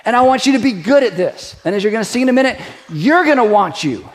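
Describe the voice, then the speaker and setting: A man's voice: extremely high pitch, animated, fast talker. A middle-aged male pastor giving a conversational, joking sermon. He piles up rhetorical questions and leads the congregation in a spoken declaration.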